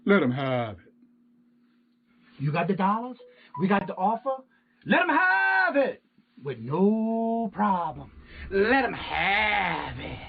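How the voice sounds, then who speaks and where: Someone voicing a fast-talking pitchman who chants and repeats short sales phrases in a sing-song patter. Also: big pitch swings, vocal fry, heavily acted. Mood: hawking. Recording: tinny phone-like clip.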